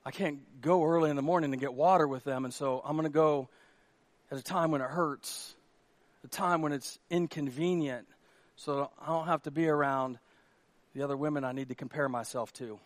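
A man's voice: fairly high pitch, normal speed, dry recording, pitched below the performer's own voice, close to an everyday voice. A man voicing an ashamed, dejected woman. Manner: quiet, dejected. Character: ashamed lonely woman doubting herself.

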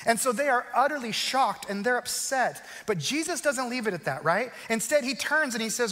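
A man delivering a sermon with a high-pitched voice that carries a long hall reverb. He shifts from quick, raised storytelling to slow, quiet stretches that drop almost to a hush, leaning on repetition for weight. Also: expressive. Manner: swings from loud, quick storytelling to slow, hushed emphasis. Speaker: pastor.

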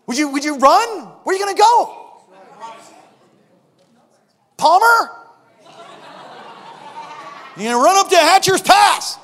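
A man in his fifties, a pastor preaching a sermon in church, animated and prone to acting out scenes with sudden shouts. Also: very high-pitched, slow, long pauses. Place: church sanctuary. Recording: long reverb of a large hall.

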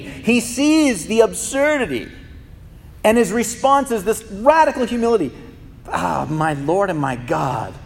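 A male pastor giving an impassioned sermon in a church, often repeating words as he builds a point. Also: sits high. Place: church sanctuary. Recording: reverberant hall.

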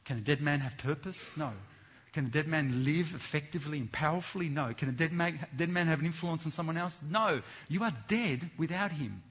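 A man preaching a sermon, swinging between loud fervent exhortation and hushed earnest appeals. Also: on the high side, a little fast, husky.

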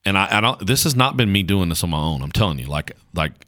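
A pastor with a low voice and a rural North Carolina accent talks quickly in a relaxed, casual interview. He is folksy and earnest, his tone bright and forceful, and he often restarts his sentences. The audio is close and dry.

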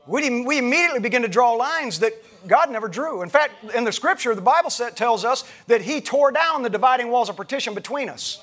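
A middle-aged male pastor with a fairly high voice delivers a sermon in a relaxed, storytelling way. He retells a conversation line by line and often restarts his sentences as he speaks to the congregation. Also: brisk, few pauses. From United States. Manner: conversational preaching, retelling dialogue with frequent restarts.

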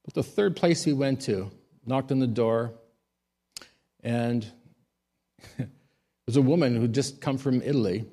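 A man, a pastor, giving a sermon: he tells stories in a quiet voice and rises to loud, emphatic high peaks. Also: a little slow, pauses often.

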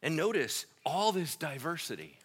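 A man preaching a sermon in a casual, slangy, conversational way, swinging between quiet stretches and loud, emphatic ones. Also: fairly high pitch, big pitch swings, normal speed, breathy edge. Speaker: pastor.

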